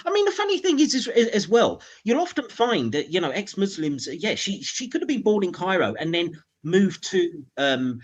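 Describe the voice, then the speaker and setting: A man's voice: high voice, very animated, moderate pace, few pauses. A man hosting a reaction video, talking in a casual, incredulous and mocking way, swearing freely.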